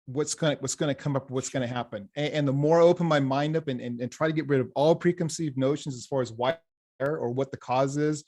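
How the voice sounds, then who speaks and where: A man speaking in a casual interview, an enthusiastic hypnotherapist who tells client stories with lots of energy. He acts out both sides of conversations and often stumbles and restarts his sentences. His pitch sits in an ordinary middle range. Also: fast. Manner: animated storyteller, acts out quoted dialogue, frequent restarts. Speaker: hypnotherapist, program graduate.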